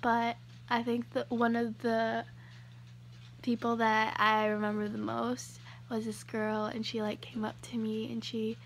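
A woman's voice: a little high, completely flat delivery, measured pace, slight background noise. A young woman YouTuber gushing to her viewers in a casual vlog, with lots of fillers.

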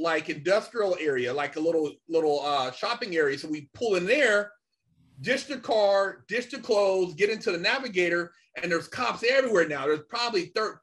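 A man's voice: high voice, fairly bright tone. A man, a podcast guest, telling a story in a casual, slangy way, full of "man" and "you know".

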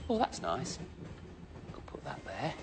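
A man's voice: lowish voice, wildly swooping pitch, unhurried, heavy background noise. An actor playing a cheerful, eager-to-please station helper on a children's TV show, chatty and very polite, talking to himself as he works. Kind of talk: scripted children's TV acting.

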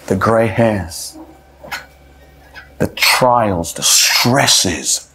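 A man's voice: mid-range voice, big pitch swings, slow, a bit bright, breathy edge. A man giving a sermon-style Bible talk, addressing the congregation as brothers and sisters and reading scripture aloud, often restarting his words.

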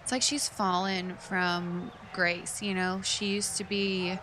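A woman's voice: mid-range voice, flat delivery, slow, bright, forceful tone, a little hiss or hum. A woman streamer commenting on a video game as she plays, chatty and emotional, rambling through her thoughts. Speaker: let's play streamer. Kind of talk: casual gameplay commentary.

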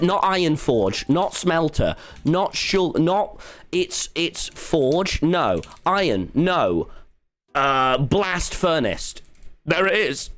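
Animated English guy ranting on stream. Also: a little high, soft background music. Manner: rambling, profane, quick to rant. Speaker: livestreamer. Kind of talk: casual livestream chat while gaming.

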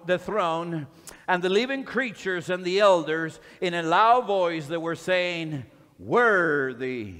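A high-pitched male preacher with a bright, forceful tone delivers a fervent sermon and reads scripture. He speaks slowly and with emphasis. His voice rings out with a long hall reverb.

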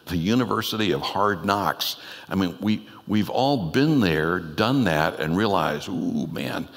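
Low-voiced guy preaching a sermon, chatty and earnest, echo of a big church hall. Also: animated, unhurried, a bit bright. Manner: earnest, conversational preaching with rhetorical questions. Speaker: pastor. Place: church sanctuary. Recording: long church hall reverb.

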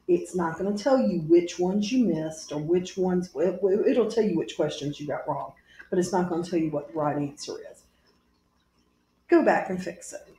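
A woman teacher giving a recorded grammar lesson to her class, patient and deliberate, spelling out each punctuation mark aloud. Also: on the low side, warm tone, reverberant, slight background noise.

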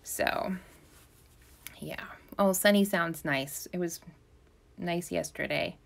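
A woman's voice: fairly low pitch, takes it slowly, creaky. A woman hosting a casual live stream from her craft shop, talking in a chatty, rambling way with lots of ums and self-corrections.

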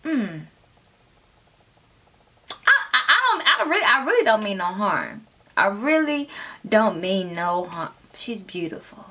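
A woman's voice: medium pitch, sing-song, unhurried, pushed and bright. A woman hosting a music reaction video, talking in a flirty, playful and crude way, sometimes dropping to a whisper. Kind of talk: casual reaction commentary.

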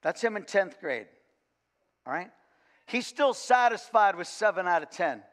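A man, a coach, giving a sermon in a church and telling a lively, funny story with frequent restarts. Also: sits high, a little slow. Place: church sanctuary. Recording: long church reverb.

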